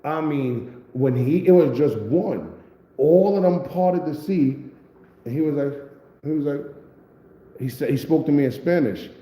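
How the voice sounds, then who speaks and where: Animated man telling a story, echoey room. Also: fairly high pitch, a little slow. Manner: animated, profane street slang, acts out quotes. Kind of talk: casual storytelling to camera. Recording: echoey room with long reverb.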